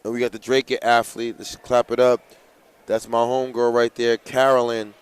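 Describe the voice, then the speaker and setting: Announcing a live track meet, a man excitedly cheers on runners, reads out heats and hands out coaching tips. He has a medium pitch, a moderate pace and a clean tone.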